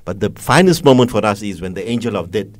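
A man conducting an interview, speaking in a measured, earnest way with frequent fillers. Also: fairly low pitch, lively intonation, soft background music. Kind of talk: interview questions and religious reflection.

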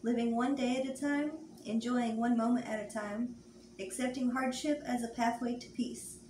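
A woman co-leading a church group, speaking softly and leading a recited prayer from off mic. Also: a little high, fairly even intonation, moderate pace. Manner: soft, brief affirmations. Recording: echoey room, off-mic, with hum.

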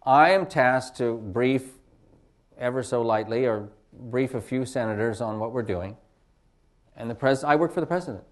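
A man's voice: medium pitch, moderate pace. A film director on a panel, answering reflectively and searching for his words with many fillers. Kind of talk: panel discussion.

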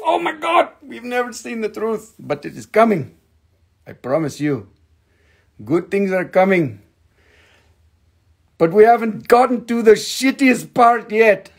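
A man's voice: sits high, very animated, a little slow, vocal fry, pauses often, breathy edge. A man hosting a casual live stream from home, chatting in a playful, joking, rambling way. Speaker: live-stream host selling stones.

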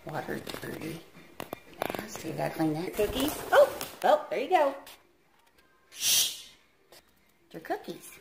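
A woman's voice: medium pitch, very animated, unhurried, vocal fry, long pauses, noisy background. A woman chatting to her pet parrot, coaxing and scolding it with exasperated, sing-song remarks. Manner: coaxing, exasperated, talks to the bird in a baby voice. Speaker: parrot owner. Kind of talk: casual chat to a pet parrot. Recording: music playing in the background.

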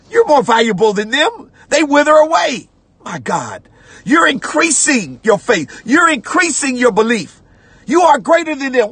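A man preaching a sermon as pastor, repeating phrases and breaking into shouts while reading scripture. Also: very high voice, slightly rough, no echo. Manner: preaching with repetitions, rising to shouts; conversational church talk, "watch this".

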